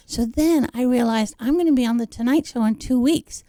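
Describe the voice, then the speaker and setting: High-pitched lady on a radio interview, super animated storyteller, dry close mic. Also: a little fast, dry recording. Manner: animated, acts out the people in her stories. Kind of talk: casual storytelling chat.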